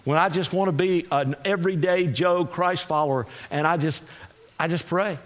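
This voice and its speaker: High-pitched preacher man from Texas. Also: normal speed. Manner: swings from shouted exhortation to quiet confiding tones, repetitive refrains. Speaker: guest preacher. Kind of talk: sermon. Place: church sanctuary with congregation.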